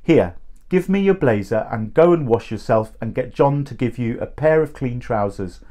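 A man reading aloud, voicing a kindly, bustling mother who is also a schoolteacher, brisk and motherly. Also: mid-range voice, animated, dark tone, lightly acted.

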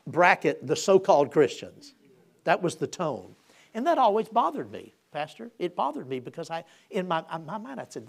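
Gravelly male preacher telling a story. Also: sits high, sing-song, moderate pace. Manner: storytelling with repeated restarts, swelling in emphasis. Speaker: pastor. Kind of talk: sermon, personal story.

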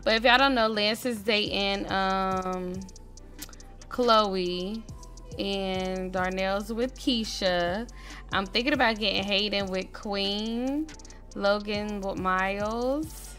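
A chatty woman hosting a gaming channel narrates her let's-play in a mid-range voice at a slow pace, with faint music behind her. She talks straight to viewers and swings from murmurs to excited squeals.

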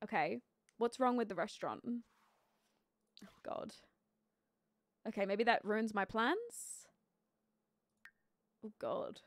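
A woman's voice: medium pitch, expressive, slow pace, long pauses, no room sound, studio quality. A young woman chatting casually while live-streaming a life-sim game, giggly and full of fillers as she greets viewers and reacts to the game. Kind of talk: casual gameplay commentary.

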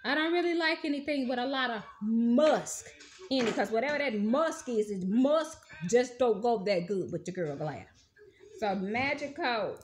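A woman's voice: a little high, animated, moderate pace, background noise. A woman, gushing through a casual perfume haul review with folksy slang. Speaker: beauty vlogger.

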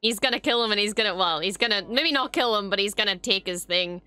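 A woman hosting a reaction video, excitably commenting, gushing and swearing freely. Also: mid-range voice, fast, clean tone, no room sound.

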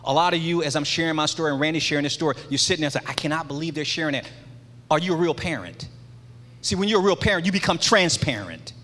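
A man's voice: a little high, animated, quick pace, pushed and bright. Impassioned man preaching in a reverberant church. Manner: impassioned, repetitive preaching cadence. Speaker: men's ministry leader. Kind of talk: church testimony sermon. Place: large church sanctuary. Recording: long hall reverb.

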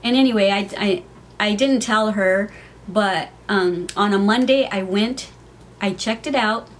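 A woman's voice: mid-range voice, measured pace. A middle-aged woman vlogging from her home, telling a heartfelt personal story in a chatty way, with many fillers.

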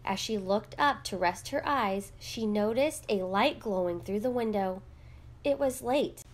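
A woman reading a children's picture book aloud with gentle, measured storytelling. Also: mid-range voice. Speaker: read-aloud narrator.

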